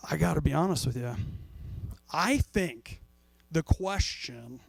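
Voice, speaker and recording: A man's voice: a little high, lively intonation, normal speed, gravelly, pauses often, no echo. A man preaching a casual, jokey sermon as a pastor, acting out little voices to make his point. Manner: jokey, acts out voices of people and God.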